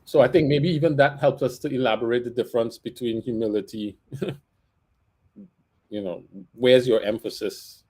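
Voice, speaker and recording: A man's voice: medium pitch, steady tone, normal speed, a little mellow, breathy edge. A man leading a casual faith discussion, explaining his points in a thoughtful way with light laughs.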